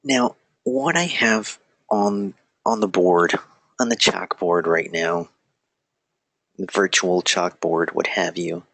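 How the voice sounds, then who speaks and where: A man's voice: low voice, takes it slowly, vocal fry, fairly bright tone, no room sound. A man teaching an online class in a casual, rambling way, stumbling over restarts, joking about himself and drifting off topic. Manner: rambling, self-deprecating, frequent restarts and digressions. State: feeling a little weak. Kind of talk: casual live lecture.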